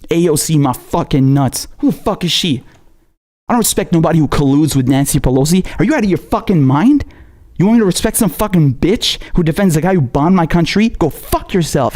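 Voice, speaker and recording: A non-American man, a political commentator, speaks in a slightly high, somewhat mellow voice. His monologue is angry and profane, scolding and repetitive as it grows heated.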